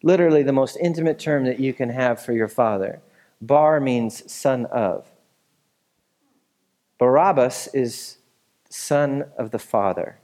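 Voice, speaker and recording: A man's voice: mid-range voice, a little slow, pauses often, dark tone. A male pastor delivering a sermon in an easygoing, conversational manner. He explains the passage with frequent asides and checks in with his listeners, never stiff or formal. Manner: casual, conversational teaching with fillers and asides.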